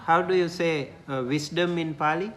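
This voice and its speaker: A man's voice: fairly high pitch, steady tone, moderate pace, slight background noise. A man teaching a classroom language lesson, patiently repeating syllables for his students.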